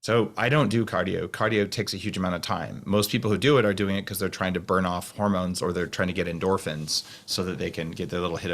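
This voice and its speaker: A man talking fast and rambling to a group on a call, with many restarts. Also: lowish voice, gravelly. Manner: fast talker with restarts, slows voice to demonstrate calm. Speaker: guest speaker on a video call.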